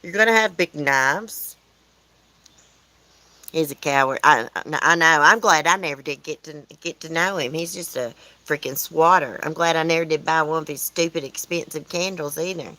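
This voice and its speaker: A woman with a Southern US accent, her voice sitting deep and low, chats loosely with her livestream viewers. She rambles from topic to topic and answers their comments as she goes, talking from outdoors at home. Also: brisk, sharp tone, poor audio. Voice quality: chatty, rambling, answers chat comments aloud. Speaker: livestream host. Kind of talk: casual livestream chat with viewers.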